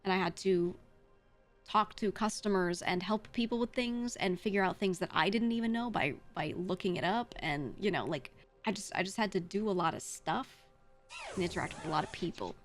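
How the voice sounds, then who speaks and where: A woman's voice: medium pitch, a little fast, soft background music. A woman streamer chatting casually with her chat, giving blunt, frank advice with some swearing. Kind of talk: casual livestream chat, answering chat.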